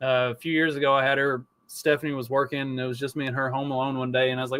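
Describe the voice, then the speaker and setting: A man's voice: medium pitch, flat delivery, quick pace, hardly any pauses, a bit bright, dry recording. A middle-aged man co-hosting a podcast, telling wry, mocking anecdotes in casual chat. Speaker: podcast co-host.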